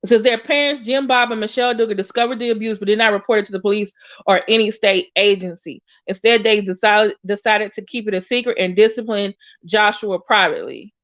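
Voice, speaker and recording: A woman's voice: mid-range voice, fairly quick, fairly bright tone, no room sound, lo-fi sound. A woman giving blunt, emotional reaction commentary as she reads news aloud, swearing and talking back at it. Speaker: commentary youtuber.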